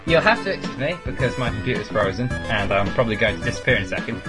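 A man's voice: mid-range voice, expressive, fast, over loud music. A man hosting a casual podcast, rambling and joking with plenty of ums. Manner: rambling, jokey, lots of ums. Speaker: podcast host.

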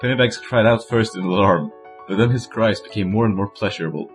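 A man reading fan fiction aloud as a comic bit on a stream, deadpan and laughing at times. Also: on the low side, brisk, faint music behind.

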